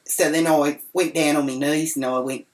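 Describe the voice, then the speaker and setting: Brash foul-mouthed Australian woman, low voice. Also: fairly even intonation, moderate pace, a little mellow. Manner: brash, crude, rambling. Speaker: storyteller. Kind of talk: comic rant monologue.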